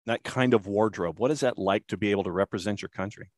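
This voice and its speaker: A man's voice: fairly low pitch, quick pace, no room sound, clean studio sound. Earnest male podcast host. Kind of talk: interview questions.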